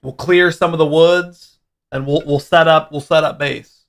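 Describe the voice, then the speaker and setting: Male streamer, gravelly, a bit higher-pitched, loose rambling chat. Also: fairly even intonation, moderate pace. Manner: rambling, restarts and repeats words. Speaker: livestream host. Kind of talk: casual livestream chat.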